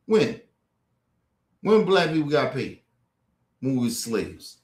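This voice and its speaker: A man in the middle of a heated, profane political rant, circling back to the same points again and again. His voice sits high and leaps around in pitch, and the sound rings in an echoey room. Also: animated, moderate pace, long pauses. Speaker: political commentary streamer. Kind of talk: ranting commentary. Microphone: streaming mic.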